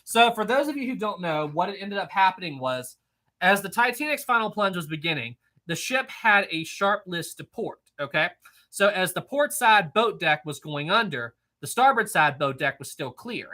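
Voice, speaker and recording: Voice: mid-range voice, animated, a little fast, bright, forceful tone. A live-stream trivia host who reads out viewers' answers in casual chat, upbeat, laughing often and repeating praise and questions.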